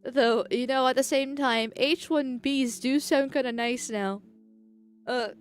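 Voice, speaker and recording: A woman's voice: high-pitched, steady tone, a little slow, clear, resonant tone, soft background music. A woman streamer chatting casually, rambling through tangents and laughing often while thanking viewers. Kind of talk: casual live-stream chat.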